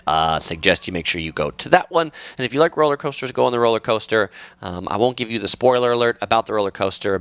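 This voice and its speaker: Reading chat questions aloud, this host of a travel channel's live stream answers them casually, sprinkling in plenty of ums and uhs. He's a man from Southern California with a lowish, clear, resonant voice, recorded without any room sound.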